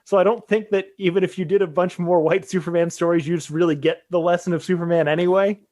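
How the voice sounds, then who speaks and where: A man's voice: sits high, fairly even intonation, quick pace, mellow. A man co-hosting a podcast, thinking aloud casually with hedges and restarts. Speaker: podcast co-host. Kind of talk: casual chat.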